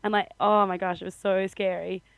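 A woman's voice: mid-range voice, flat delivery, fairly quick, gravelly, no echo, low-quality recording. A young Australian woman co-hosting a podcast, telling a story in casual chat with frequent laughter. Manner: chatty storytelling, laughs often. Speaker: podcast co-host.

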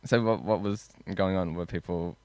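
A man's voice: low-pitched, normal speed, a little mellow, no room sound. A man co-hosting a podcast, asking curious questions in casual chat and swearing casually. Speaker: podcast co-host.

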